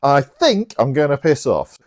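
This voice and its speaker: A man's voice: medium pitch, big pitch swings, a little slow, no room sound, clean studio sound, pitched above the performer's own voice. A man voicing a sulky, foolish young knight who grumbles and swears, with an English accent. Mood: fed up.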